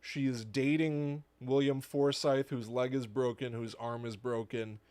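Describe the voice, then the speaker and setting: A man's voice: mid-range voice, little pitch movement, a little slow, darkish tone, no room sound. A man in his thirties co-hosting a podcast, talking casually and ranting animatedly, with bursts of mocking impressions. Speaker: podcast co-host. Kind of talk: casual chat.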